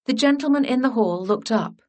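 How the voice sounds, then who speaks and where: A woman narrating a historical romance audiobook in a gentle, measured storytelling manner. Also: a little high, animated.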